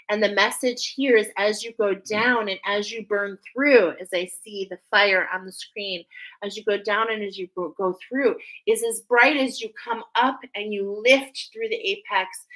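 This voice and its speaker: An angel oracle card reader, a woman, hosts a spiritual card reading, speaking effusively and often with emotion. Her mid-range voice is a little bright, and the recording quality is low.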